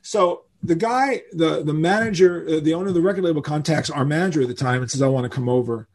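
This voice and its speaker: Gravelly older man telling stories. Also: fairly high pitch, fast. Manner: animated storyteller who acts out quoted voices. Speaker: interview guest, rock musician. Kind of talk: casual storytelling interview.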